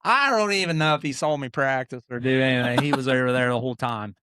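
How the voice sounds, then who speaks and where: Middle-aged guest storyteller, smooth, dry close sound, animated, acts out others. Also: male voice, medium pitch, quick pace, dry recording. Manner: animated, acts out quoted people, frequent restarts. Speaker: podcast guest, motocross racer. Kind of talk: casual storytelling.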